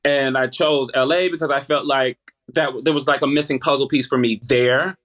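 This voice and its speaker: A man in his thirties with a Southern US accent, chatting as an interview guest, lively, with halting restarts and easy laughter. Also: medium pitch. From United States. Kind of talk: casual interview chat.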